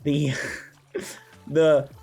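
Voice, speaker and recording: A young man live-streaming a game, chatting playfully with viewers, excitable and self-mocking, with quick yelps. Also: a little high, gravelly, soft background music. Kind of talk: casual game livestream chat.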